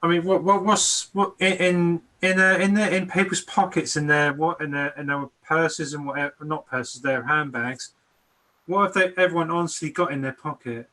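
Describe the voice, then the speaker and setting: A man's voice: on the high side, steady tone, moderate pace, pushed and bright. A man chatting casually as a guest, easygoing but hesitant, often repeating words as he searches for them. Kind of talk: casual online chat.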